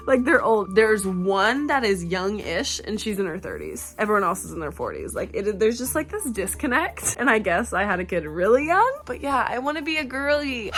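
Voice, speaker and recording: A young woman in her twenties, vlogging in a chatty, animated way with lots of fillers. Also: mid-range voice, moderate pace, faint music behind. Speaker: vlogger, yoga teacher and breathwork guide. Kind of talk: casual talking-to-camera vlog.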